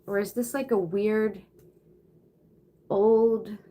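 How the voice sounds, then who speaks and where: A woman's voice: mid-range voice, fairly even intonation, drawn-out words, dark tone. A young woman reading a novel aloud on a stream, flustered, swearing casually and out of breath. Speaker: reader.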